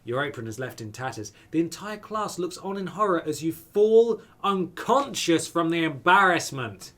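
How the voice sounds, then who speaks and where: Man, game streamer, lively pitch, slightly high voice, wry, reading game text. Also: moderate pace. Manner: playful, wry asides. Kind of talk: reading a dating sim aloud with commentary.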